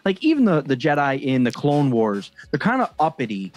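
A man's voice: medium pitch, very animated, normal speed, a little mellow, no echo. A young man co-hosting a casual podcast, rambling and self-deprecating with many hesitations. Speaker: podcast co-host.

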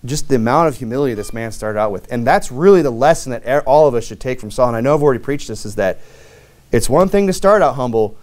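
A man's voice: mid-range voice, lively intonation, fast, darkish tone. A young American man preaching a sermon as pastor, in a conversational, folksy way with plenty of fillers and restarts.

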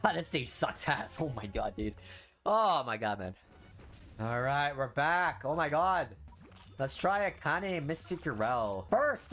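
A young man commenting on a mobile game he is streaming, grumbling low, then bursting out loud in frustration. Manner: frustrated ranting, swings from low muttering to loud outbursts. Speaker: gaming streamer. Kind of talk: casual gameplay commentary.

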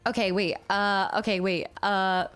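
A woman streaming a co-op cooking game with friends, giggly and excitable, bursting into high laughs. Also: measured pace, clear, resonant tone. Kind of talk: casual gaming chat with friends.

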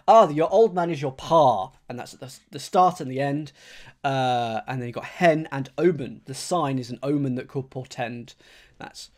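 A man chats casually on a live stream. He mulls things over out loud, repeats phrases to himself and talks straight to his audience in a relaxed, conversational way. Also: mid-range voice. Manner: thinks aloud, rereads clues slowly, chatty with viewers. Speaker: streamer solving a crossword.

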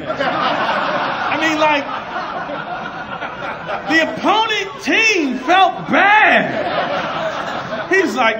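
A middle-aged man preaching a sermon at a conference, telling personal stories with animated, laughing delivery and acted-out dialogue. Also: very high voice, slow pace, pauses often, a crowd in the background, noisy background. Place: conference hall.

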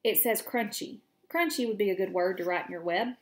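A woman's voice: medium pitch, brisk, close to an everyday voice. Templeton, a grumbling sarcastic rat, as a woman reads him aloud. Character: grumbling male barn rat, grudging and sarcastic. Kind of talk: reading aloud to children.

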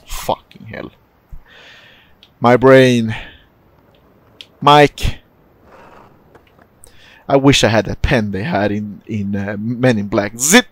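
A young man casually commentating his own gameplay, excitable and profane, often jumping into loud yelps. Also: on the low side, slow pace, pauses often, no echo. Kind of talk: let's-play commentary.

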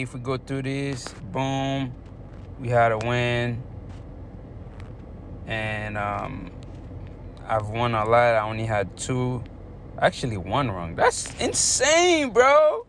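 A young man casually vlogging about his sports bets, slangy and animated, sometimes trailing off into quiet muttering and working through numbers haltingly. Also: medium pitch, slight background noise. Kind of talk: casual talk to camera.

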